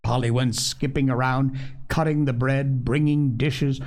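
A man reading a children's story aloud, gentle, expressive and unhurried. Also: medium pitch.

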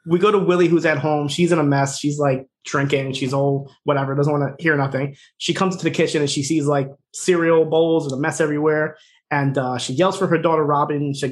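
A man's voice: on the high side, steady tone. A man co-hosting a podcast, casually retelling a TV episode with lots of "like" and quoted lines. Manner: rapid, filler-heavy retelling, acting out quoted lines. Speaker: podcast co-host. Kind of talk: casual recap chat.

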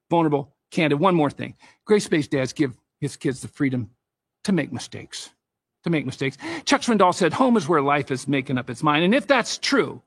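A man's voice: sits high, no echo, clean studio sound. A middle-aged man giving a faith-based parenting talk, telling family stories and quoting scripture. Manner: storytelling with scripture quotes, animated. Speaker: speaker on parenting.

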